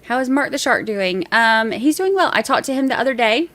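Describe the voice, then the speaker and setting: A woman's voice: on the high side, lively intonation, fairly quick, fairly bright tone. A woman hosting a casual livestream, reading viewer messages aloud and chatting in a rambling, easygoing way with easy laughs.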